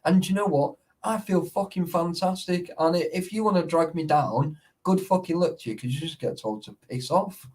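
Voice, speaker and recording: Brief: man, sweary and animated storyteller, slightly higher voice, casual chat. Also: normal speed, hardly any pauses. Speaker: urban explorer.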